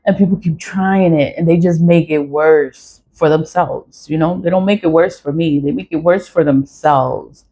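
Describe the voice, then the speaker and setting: A woman's voice: medium pitch, a little mellow, husky. A woman ranting to the camera in a blunt, profane, defiant way, repeating her phrases and laughing between lines. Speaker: vlogger.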